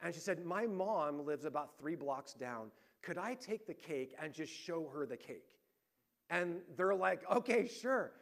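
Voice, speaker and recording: A man preaching a sermon, telling a story in a conversational, animated way and quoting the people in it. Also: a little high, unhurried, gravelly. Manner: conversational, animated retelling with quoted voices. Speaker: pastor.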